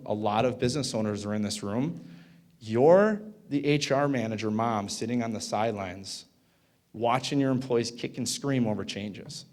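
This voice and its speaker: In a conference hall, a man in his thirties with a mid-range, darkish voice spins a loose, chatty story for the audience. Fillers crop up constantly, and he keeps turning to the room with a casual "right?".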